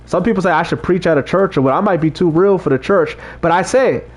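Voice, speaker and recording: High-voiced man preaching to his chat. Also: fast, slightly rough. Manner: talks straight to chat, repeats himself, preachy street-evangelist talk. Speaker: livestream host reading chat. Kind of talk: casual livestream chat about faith.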